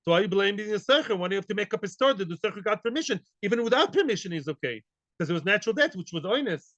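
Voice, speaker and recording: Guy teaching talmud, high voice, dry kinda muffled recording, fires off questions. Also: rapid-fire, no echo. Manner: animated, rhetorical questions, Yiddish-inflected Hebrew terms.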